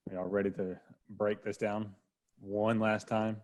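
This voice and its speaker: A man's voice: on the low side, level tone, unhurried, darkish tone. A man co-hosting a casual sports podcast, making dry, wry quips and leading the next topic. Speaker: podcast co-host.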